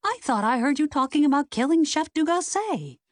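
A woman's voice: a little high, very animated, slow, a little mellow, dry recording, clean studio sound, voice pushed up. A woman voicing a nosy young woman sleuth who asks blunt questions. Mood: demanding.

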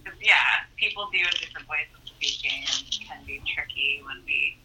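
A woman's voice: low voice, moderate pace, heavy background noise. A woman in casual chat over the phone, encouraging and supportive, with lots of "like" and "okay.". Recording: tinny phone line.

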